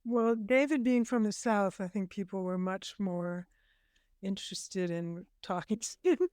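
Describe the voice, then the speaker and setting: A woman, a documentary director, answering interview questions in a relaxed way. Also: medium pitch, measured pace, clear, resonant tone, no room sound, studio quality. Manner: relaxed, laughing asides.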